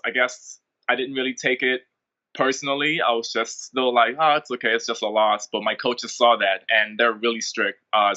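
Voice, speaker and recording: A man's voice: medium pitch, lo-fi sound. A young man from the Bahamas, a fighter telling stories in a casual interview with lots of ums and likes. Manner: relaxed, rambling, many ums and likes. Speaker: MMA fighter, interview guest.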